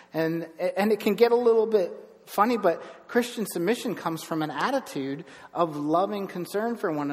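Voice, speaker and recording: A man's voice: fairly high pitch, long reverb tail. A man preaching a sermon as pastor, conversational, with frequent restarts and asides.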